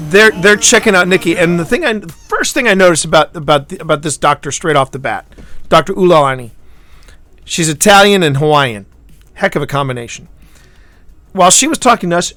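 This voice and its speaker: A man hosting a live stream, chatting casually and telling a rambling story with halting restarts, swinging from loud to hushed. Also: on the high side, dry recording. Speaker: livestream host.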